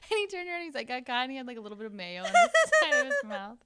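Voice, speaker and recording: Lively, giggly woman podcast host. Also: sits high, rapid-fire, heavy background noise. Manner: giggly, frank and crude. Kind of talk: casual chat, reading listener stories aloud.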